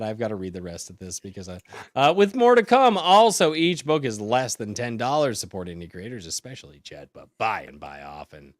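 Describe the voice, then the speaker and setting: An American man hosting a casual live-stream podcast, joking and excitable, swinging from loud outbursts to mumbled asides. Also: fairly low pitch, fairly quick, no echo, studio quality. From United States. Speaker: podcast host.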